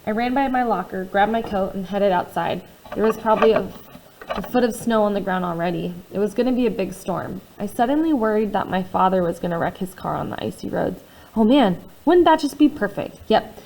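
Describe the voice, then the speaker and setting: A woman reading a first-person novel aloud in an expressive way, swinging between hushed and loud passages. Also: mid-range voice, a little fast, vocal fry, slight background noise, rough recording. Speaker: audiobook reader.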